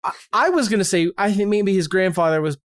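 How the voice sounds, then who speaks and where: A man's voice: high voice, expressive, a little fast. A man co-hosting a comedic podcast, joking around and going off on playful mock-serious rants. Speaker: podcast co-host. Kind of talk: casual comedic podcast chat.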